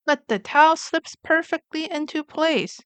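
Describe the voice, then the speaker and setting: A woman reading a children's picture book aloud with slow, clear, gentle narration. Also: sits high, animated, dry recording.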